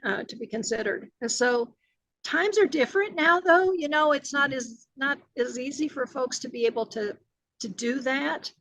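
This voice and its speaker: A woman's voice: high-pitched, normal speed, fairly bright tone, no echo, low-quality recording. An older woman, a retired agency director answering interview questions earnestly, with many fillers and restarts.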